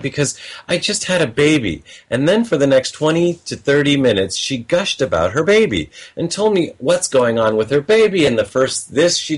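A man's voice: mid-range voice, a bit bright, breathy edge. A man speaking in a personal reflective monologue, telling stories of calls he got and quoting the callers. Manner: conversational, storytelling with quoted callers, chuckles often.

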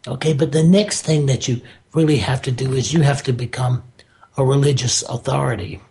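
A man's voice: mid-range voice, a little fast, vocal fry, warm tone. A man speaking as a guest on a radio show, talking about spirituality in a punchy, preacherly way. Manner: emphatic, preacherly, punchy phrasing. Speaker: guest author. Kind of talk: spiritual talk radio interview.

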